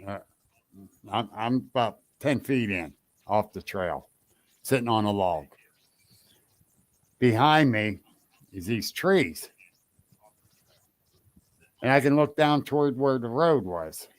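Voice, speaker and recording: A man's voice: mid-range voice, expressive, takes it slowly, long pauses, dry recording. A man, a guest, recounting an experience in casual chat, hesitant with fillers.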